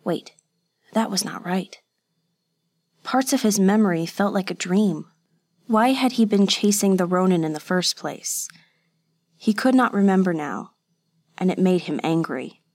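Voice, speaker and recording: With a mid-range voice, a woman delivers scripted audiobook narration in an even, measured storytelling style.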